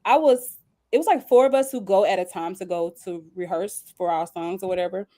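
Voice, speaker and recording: A young woman, a singer and songwriter, telling a story in a casual interview, animated and laughing often. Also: lowish voice, a little fast. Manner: animated, squeals when acting out quoted dialogue.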